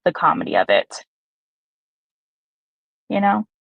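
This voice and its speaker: A woman chatting casually while streaming a game, animated and self-mocking. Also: on the low side, slow, gravelly, no room sound. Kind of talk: casual gaming chat. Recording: slightly dull lo-fi stream audio.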